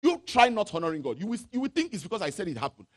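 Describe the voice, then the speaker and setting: A male pastor from Nigeria preaching a sermon, chanting scripture and swinging from loud shouts to low asides. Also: wildly swooping pitch, racing. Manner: reads scripture aloud in a chanting, sung tone.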